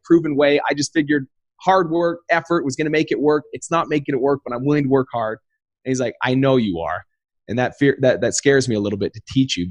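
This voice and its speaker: A man in his thirties, a podcast guest, telling a personal story in an earnest, animated way and acting out the quotes. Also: medium pitch, no room sound.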